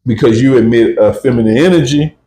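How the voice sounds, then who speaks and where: A man's voice: medium pitch, brisk, dark tone, reverberant. A man hosting a casual spiritual talk, emphatic and often checking in with "right?" and "you see?". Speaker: podcast host.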